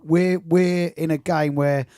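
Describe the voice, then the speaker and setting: Eager host with a lightish voice. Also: male voice, a little high, fairly even intonation, slow pace, mellow, smooth, no echo, clean studio sound. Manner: enthusiastic, stumbling restarts. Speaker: host of a music chat show. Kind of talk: casual interview chat.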